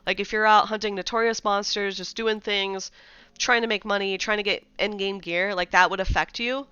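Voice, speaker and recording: A woman's voice: mid-range voice, steady tone, normal speed, bright, forceful tone, smooth, no echo, dull audio. A woman streaming live, chatting casually about game updates and greeting viewers in chat.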